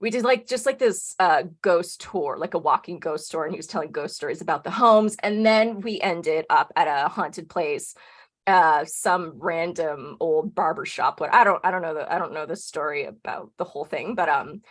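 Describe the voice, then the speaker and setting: A woman's voice: sits low, normal speed. A woman casually recounting a personal ghost story on a podcast, talking loosely and filling her sentences with "like". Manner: chatty, peppers speech with "like". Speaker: podcast guest.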